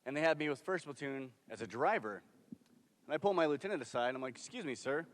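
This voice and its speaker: A man's voice: mid-range voice, lively intonation, fast talker. A young man, a military veteran, earnestly telling his own story in a conversational way during a staged performance. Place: theater stage. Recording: long hall reverb from a stage.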